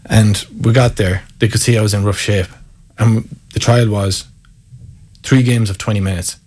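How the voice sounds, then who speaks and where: A man's voice: on the low side, steady tone, normal speed, darkish tone, husky. A man with an Irish accent, a former Gaelic footballer telling wry, candid stories in an interview. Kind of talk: casual storytelling interview.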